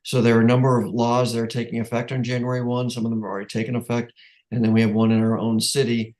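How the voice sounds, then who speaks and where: A man's voice: medium pitch, little pitch movement, quick pace, a little mellow. A man with a New England accent, chairing a neighborhood council meeting in casual, rambling talk with many restarts. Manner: rambling, self-correcting, chuckles often.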